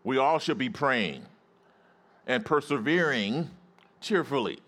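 A man preaching a sermon as pastor in a church, calling out to the congregation and rising into excited shouts. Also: medium pitch, takes it slowly. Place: church sanctuary.

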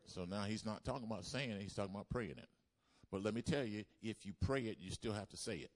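Lower-voiced man preaching with call-and-response. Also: lively intonation, fast talker. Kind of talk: sermon. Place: church service.

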